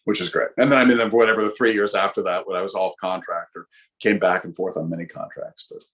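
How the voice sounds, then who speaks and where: A middle-aged American man, a guest actor, telling lively anecdotes in a casual interview with frequent fillers. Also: sits low, fast. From United States.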